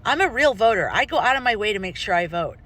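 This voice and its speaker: With a quick, sing-song delivery and a slightly bright mid-range voice, an American woman vlogger passionately voices her personal opinions. She rambles, often breaking off and beginning her sentences again.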